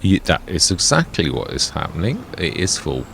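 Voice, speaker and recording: Gravelly low-voiced gamer. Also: male voice, wildly swooping pitch, normal speed, a bit bright, a little hiss or hum. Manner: chatty, rambling, self-correcting. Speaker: gaming let's play host. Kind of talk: casual gameplay commentary.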